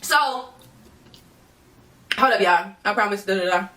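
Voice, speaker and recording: A woman telling a personal story casually to her viewers, profane and animated, often calling out to them as y'all. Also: medium pitch, measured pace, far from the mic, a little hiss or hum.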